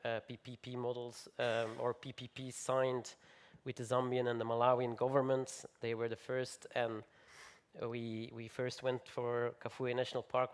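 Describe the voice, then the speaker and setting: A man speaking as a panelist at a conference, measured with frequent fillers and restarts. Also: mid-range voice.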